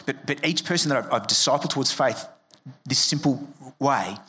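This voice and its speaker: A man's voice: medium pitch, moderate pace, sharp tone, breathy edge. A man preaching a sermon as a pastor, conversational and joking, acting out quoted voices. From Australia.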